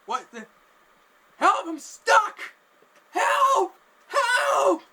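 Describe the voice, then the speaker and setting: Brief: shrill, wailing young man in full panic, very high and loud. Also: very animated, takes it slowly, exaggerated voice. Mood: panicked.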